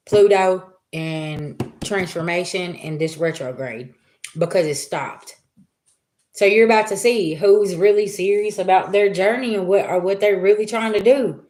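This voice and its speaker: A woman with a mid-range, slightly mellow voice gives spiritual readings on a live stream. Her casual monologue is chatty and emphatic, sprinkled with rhetorical questions.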